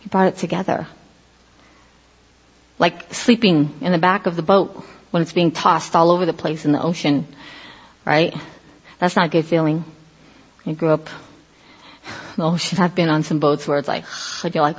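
A middle-aged woman giving a casual sermon, telling stories with lively acted-out quotes. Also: lowish voice, measured pace, pauses often, breathy edge. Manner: animated storytelling, acts out quoted voices. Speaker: preacher. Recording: dull lo-fi audio in a reverberant hall.

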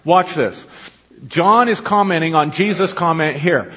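In a dull, lo-fi recording with long hall reverb, a pastor delivers a conversational sermon and keeps questioning his congregation. He speaks fairly quickly in a high, slightly bright voice with a breathy edge.

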